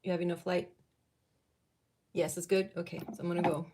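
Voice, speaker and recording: A woman doing a live-streamed psychic reading, talking in a halting, emotional way as she thinks aloud. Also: on the low side, flat delivery, noisy background. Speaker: psychic reader.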